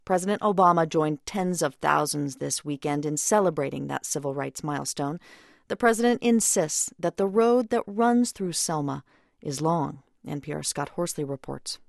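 A woman news anchor introducing a report in a crisp, formal delivery. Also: low voice, lively intonation, normal speed, no echo, clean studio sound.

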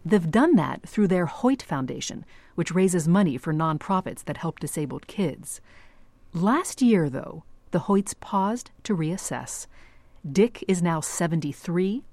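Radio reporter: woman with a low voice, measured scripted narration. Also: animated, darkish tone, no echo. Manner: measured, clear storytelling.

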